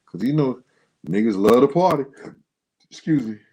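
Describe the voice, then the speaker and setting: A man's voice: lively intonation, moderate pace, a little mellow, rough recording. Slangy man hosting a casual livestream. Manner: loose, slangy, talks straight to the audience; pitch jumps up sharply when worked up. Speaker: livestream host. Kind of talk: casual livestream chat to viewers.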